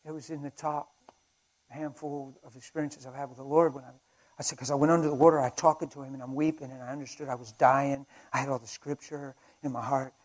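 A man preaching at a conference, telling a personal story with passion and swinging between loud and hushed delivery. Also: medium pitch, level tone, a little fast, rough recording. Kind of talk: sermon with storytelling. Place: conference hall.

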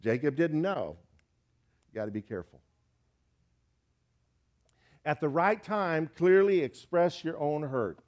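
A man's voice: a little high, expressive, measured pace, pauses often, a little mellow. A man preaching a sermon, folksy and emphatic, urging listeners with direct questions.

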